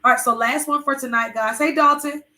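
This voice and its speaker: A woman's voice: high-pitched, steady tone, a little fast, pushed and bright, roomy sound. A woman co-hosting a podcast, chatting candidly with her husband and rambling with many fillers. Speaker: podcast co-host. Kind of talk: casual chat with her husband.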